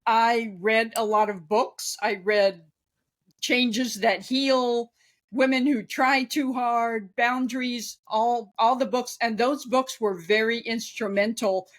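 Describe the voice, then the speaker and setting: A woman in her fifties speaks in an unhurried, measured way, her voice sitting a little high. She talks as a guest in a conversational interview, candid and chatty, with easy laughter. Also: steady tone. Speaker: guest, author and former ghostwriter.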